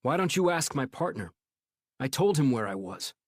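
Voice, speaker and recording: A man's voice: medium pitch, very animated, normal speed, dry recording, clean studio sound, pitched above the performer's own voice. A man doing a tense, clipped police officer. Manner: clipped, through gritted teeth.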